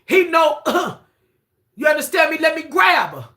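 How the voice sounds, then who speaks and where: High bright woman, hyped up spiritual reading, cussing and repeating herself. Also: unhurried. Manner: excitable, repetitive, swears freely, breaks into chants. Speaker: spiritual reader on a live stream.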